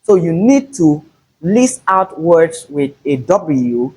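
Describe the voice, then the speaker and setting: Slow, husky male pronunciation teacher. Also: a little high, big pitch swings, darkish tone, rough recording. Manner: slow, deliberate, repeats example words with stress. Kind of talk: phonetics lesson.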